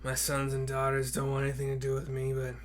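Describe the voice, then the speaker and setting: A man voicing a lonely, gruff old male fisherman who mutters to himself. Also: medium pitch, monotone, quick pace, slight background noise, natural voice. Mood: muttering.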